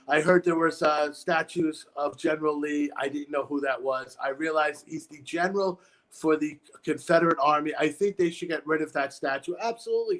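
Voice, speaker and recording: A man's voice: a little high, a bit bright. A male comedian guest telling rambling stories and jokes in a stand-up style chat. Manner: rambling storytelling with punchlines.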